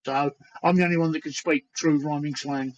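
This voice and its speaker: An older man with a broad East London Cockney accent, chatting as co-host of a casual livestream. His voice sits a little high for a man, and he talks in a friendly, rambling way, often restarting his sentences. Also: fairly even intonation, dull audio. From East London, England. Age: 50s or 60s. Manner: chatty, halting with repeated restarts. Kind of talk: casual chat.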